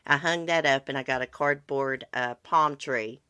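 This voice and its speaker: A woman's voice: very deep voice, moderate pace, pushed and bright, clean tone, no echo, clean studio sound. A congested middle-aged woman, hosting a casual livestream chat in a blunt, chatty way. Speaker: livestream host. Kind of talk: casual chat about true crime with live viewers.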